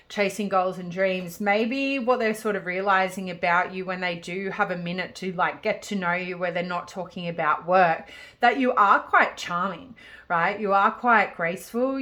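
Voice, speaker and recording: Tarot reader, woman, mid-pitched, rambling casual delivery full of "um"s and restarts. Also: measured pace, fairly bright tone. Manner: chatty and rambling, with many fillers and restarts. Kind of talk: casual pick-a-card tarot reading.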